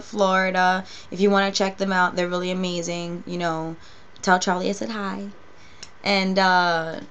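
A woman's voice: on the low side, fairly bright tone, smooth. A young woman with a New York accent, telling a story in a casual vlog, rambling and cursing freely. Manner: rambling, profane, laid-back. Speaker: vlogger and cosplay performer.

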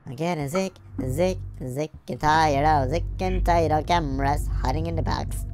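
A woman giving playful, goofy game commentary, rambling along and breaking into sudden high squeals and shouts. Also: moderate pace. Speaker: gameplay video creator. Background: game music.

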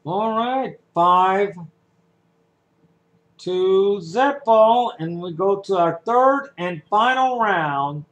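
In this playful solo imitation of a game show, a male performer handles all the parts, including the announcer's patter and a hummed theme tune. He speaks extremely slowly in a high, expressive, slightly bright voice, and the audio is dull and reverberant.

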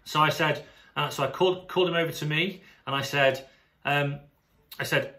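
A man with a British accent, a sports coach talking casually to camera in an animated, chatty way, often restarting his sentences. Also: fairly high pitch, moderate pace. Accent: British English. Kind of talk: casual vlog monologue to camera.

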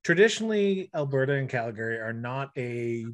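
Guy hosting a podcast, earnest and a bit halting, regular pitch. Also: sing-song. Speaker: podcast host. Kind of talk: interview questions.

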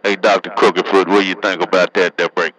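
A man's voice: low-pitched, level tone, fairly quick, fairly bright tone, low-quality recording. A man bantering over CB radio, teasing and joking, tagging his lines with "man". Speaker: CB radio operator. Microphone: CB radio handset.

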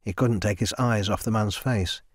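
A man narrating a fantasy audiobook in a steady, measured way, close to the mic. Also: fairly low pitch, no room sound. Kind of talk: scripted narration.

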